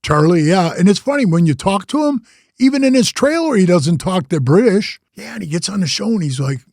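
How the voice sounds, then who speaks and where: Older man with a dark, loose storytelling voice. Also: high-pitched, lively intonation, a little fast, no room sound, studio quality. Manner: loose, profane, retells dialogue in voices. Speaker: interview guest. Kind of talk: casual storytelling interview.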